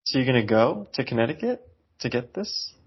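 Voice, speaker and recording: A man's voice: medium pitch, big pitch swings, fairly quick, husky, muffled recording. A man co-hosting a podcast over a remote call, chatting casually in a dry, teasing, amused way. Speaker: podcast co-host. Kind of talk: casual chat. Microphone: remote call microphone.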